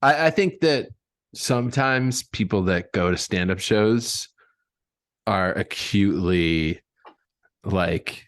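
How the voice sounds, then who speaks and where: A man hosting a casual podcast chat, relaxed and laughing often as he tells anecdotes. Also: on the low side, slow pace, dry recording, clean studio sound. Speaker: podcast host.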